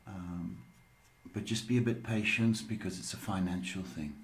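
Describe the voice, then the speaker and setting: A man's voice: low-pitched, fairly even intonation, normal speed, reverberant. A man giving psychic readings on a live stream, talking with many hesitant ums. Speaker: psychic reader.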